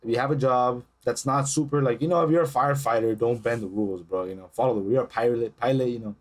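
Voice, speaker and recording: A young man co-hosting a podcast talks fast in a mid-range voice, telling casual, profane stories. He animates them by acting out the voices of the people involved.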